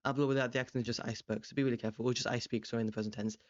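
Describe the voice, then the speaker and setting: A young man tutoring, walking through an exam question in a relaxed, rambling way with many ums and self-corrections. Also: medium pitch, very fast, no echo, muffled recording. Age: young adult. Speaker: language tutor. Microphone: desk microphone beside a webcam.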